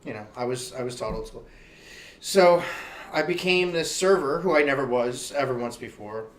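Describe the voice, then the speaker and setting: A man hosting a casual interview show, telling a story in a profane, animated way. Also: medium pitch, normal speed, roomy sound, recorded from a distance. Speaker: host.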